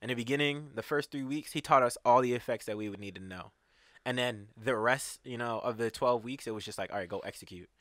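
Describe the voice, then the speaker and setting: A man co-hosting a casual chat podcast, telling a story in a loose way full of fillers. His voice is bright, and the recording is dry and close. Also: mid-range voice, brisk, dry recording. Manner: casual, filler-heavy, lots of "like". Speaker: podcast co-host.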